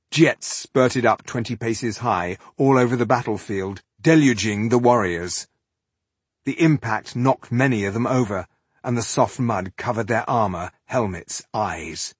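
A male audiobook narrator with a husky, slightly breathy voice reads a fantasy epic in a measured, dramatic way. The recording is dry and close, with no room sound. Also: lowish voice, dry recording.

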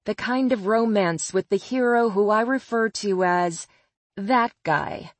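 A woman reads a first-person story aloud, unhurried and wry, with a sardonic edge. The recording is dry and close, with no room sound. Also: medium pitch, no room sound. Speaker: audiobook narrator. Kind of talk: first-person audiobook narration.

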